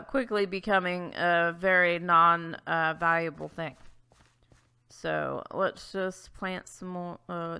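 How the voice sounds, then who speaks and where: A woman's voice: lowish voice, vocal fry, sharp tone, clear, resonant tone. A woman hosting a let's-play, chatting casually through her gameplay, easily flustered and full of exclamations and restarts.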